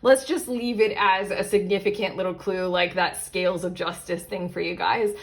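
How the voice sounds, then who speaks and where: This tarot reader talks in a steady, somewhat low voice at a normal speed while giving viewers an informal pick-a-card reading. She tends to ramble, tossing in frequent fillers and asides and cutting herself off to make corrections.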